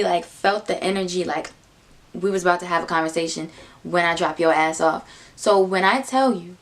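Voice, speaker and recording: A young woman telling a casual personal story, animated, dropping into low muttered asides. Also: creaky. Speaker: vlogger.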